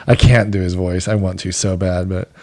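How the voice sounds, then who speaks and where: A man's voice: low voice, steady tone, normal speed, a little mellow, no echo. A man co-hosting a podcast in casual chat, rambling and swearing, often breaking into laughter. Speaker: podcast co-host.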